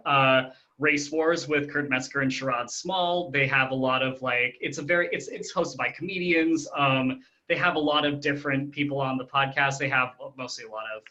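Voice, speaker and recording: A man talks casually as a guest, wandering through his answers with lots of fillers and self-corrections. His voice is bright and forceful. The audio is dull and lo-fi, like a video call. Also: mid-range voice. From Ireland. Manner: rambling, many fillers and restarts. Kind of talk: casual interview chat.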